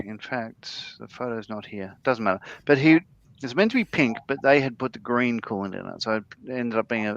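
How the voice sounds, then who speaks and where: A man's voice: mid-range voice, fairly bright tone, smooth, no echo. An older man telling a rambling story in casual chat, with many ums and restarts, co-hosting a modelling livestream. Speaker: co-host of a scale-modelling livestream. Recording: slightly dull lo-fi audio.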